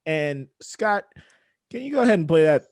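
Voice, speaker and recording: A man co-hosting a casual podcast, telling a story in a rambling way with many pauses. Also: fairly high pitch, big pitch swings, a little mellow, no room sound, studio quality. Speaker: podcast co-host.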